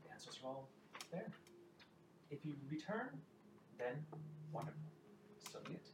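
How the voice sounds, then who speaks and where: Stately fairy queen played by a guy, measured, far off mic with lots of background noise. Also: on the high side, very animated, voice pushed up. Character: regal, curious female fairy queen. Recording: roomy, distant mic, loud background ambience.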